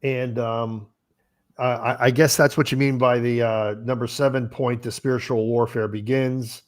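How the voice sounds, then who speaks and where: A male podcast host with a mid-range, level voice speaks at a moderate pace in a recording with no echo. During the interview chat he reacts and asks questions in a rambling way, packed with fillers like "you know."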